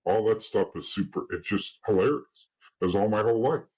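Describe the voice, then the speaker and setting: A man in his thirties with a husky, slightly low voice, telling his story as an interview guest. He rambles loosely, restarts sentences and chuckles at the darker details. The delivery is casual and unpolished. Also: fairly quick, darkish tone, low-quality recording. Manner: rambling, laughs at grim details, restarts often. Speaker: interview guest, former mob associate turned informant.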